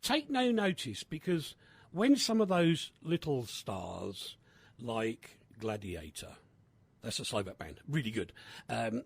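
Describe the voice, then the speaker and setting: A man's voice: medium pitch, husky, no echo. Chatty radio guy, bouncy voice going up and down, dry close mic, lots of ums. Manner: animated, chatty, many fillers. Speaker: radio host. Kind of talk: casual radio chat.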